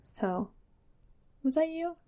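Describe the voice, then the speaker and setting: A woman's voice: high voice, lively intonation, takes it slowly, dark tone. A young woman co-hosting a podcast, chiming in with supportive remarks and laughing often. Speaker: podcast co-host. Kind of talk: casual chat.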